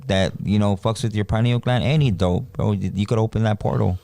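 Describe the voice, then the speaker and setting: Low-ish and creaky, the man's voice moves at a brisk clip with no room sound. He's a podcast co-host telling a casual, slangy story, animated and playing out the voices of those he quotes.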